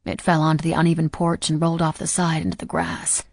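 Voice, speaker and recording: A woman narrating a first-person audiobook in a quiet, measured, somber way. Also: sits low, completely flat delivery, gravelly, dry recording, clean studio sound.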